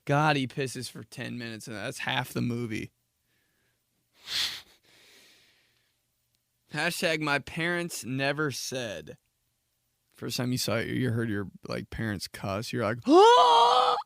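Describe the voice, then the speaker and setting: A man's voice: medium pitch, takes it slowly, creaky, pauses often, fairly bright tone, dry recording, clean studio sound. Profane young man ranting on his podcast. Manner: rambling, profane, laughs at himself, acts out dramatic reactions. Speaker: podcast host. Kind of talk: solo comedic podcast rant.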